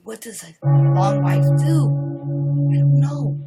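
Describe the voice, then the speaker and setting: A woman host telling an interactive ghost story on a livestream, swinging from whispers to shouts and quizzing her viewers, with loud music behind. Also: low voice, very animated, slow pace, pauses often, poor audio.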